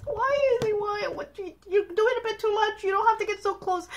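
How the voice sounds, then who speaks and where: A woman vlogging her reaction to a video on a phone, talking excitably with loud outbursts and laughter. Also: extremely high pitch, brisk, few pauses, a little hiss or hum, rough recording. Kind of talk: reaction vlog chat. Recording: music playing loudly behind. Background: music from the video being watched.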